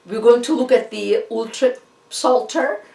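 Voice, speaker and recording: A woman's voice: on the high side, vocal fry. A woman with a Russian accent, a native Russian speaker, giving an informal art history lecture with many fillers and restarts. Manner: halting, many fillers and restarts, animated asides. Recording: roomy echo, distant from the mic.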